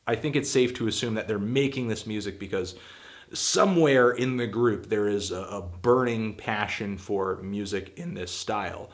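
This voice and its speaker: A man's voice: lowish voice, moderate pace. A man hosting his own show, giving a casual spoken album review, blunt and full of hedging fillers, getting emphatic and exasperated at times. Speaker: music critic and show host.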